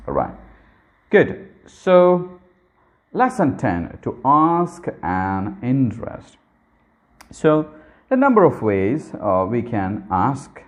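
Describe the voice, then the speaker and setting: A man's voice: low-pitched, vocal fry. A man teaching everyday English phrases in a casual spoken lesson, explaining patiently and checking understanding with "okay?" His phrasing is not that of a native speaker.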